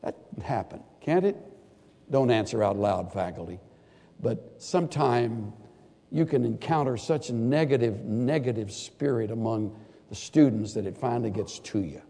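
An older man preaching a sermon in a large hall to students and faculty. He swings from loud, lively bursts to quiet, earnest asides. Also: mid-range voice, normal speed, gravelly. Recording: long hall reverb.

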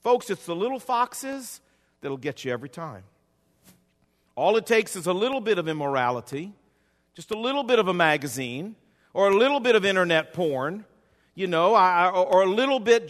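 A male pastor with a fairly high voice preaches in a folksy, storytelling way, building rhythmic repeated lists. His words ring with the long reverb of a large hall. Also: big pitch swings, normal speed, fairly bright tone. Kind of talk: sermon.

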